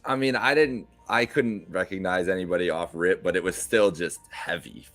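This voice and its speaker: Deep-voiced man rambling casually. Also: moderate pace, a bit bright, no echo, soft background music. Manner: rambling, thinks aloud. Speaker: podcast co-host. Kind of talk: casual chat.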